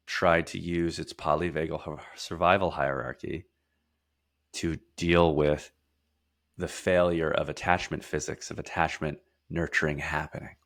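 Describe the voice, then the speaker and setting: A man guest in an interview, explaining emphatically, stacking lists of words and repeating key phrases. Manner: drops to a quieter, slower, lower delivery for heavy points. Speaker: podcast guest, somatic therapist.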